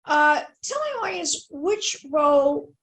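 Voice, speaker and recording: Woman, interview host, high voice, talkative, rambling storyteller, video call. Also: takes it slowly, fairly bright tone, rough recording. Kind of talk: casual interview chat.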